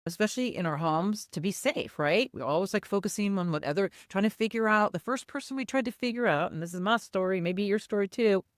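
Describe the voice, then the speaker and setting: A woman's voice: medium pitch, fairly quick, few pauses, no echo, studio quality. A woman co-hosting a podcast, talking in an earnest, reflective, candid way in casual chat. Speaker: podcast co-host.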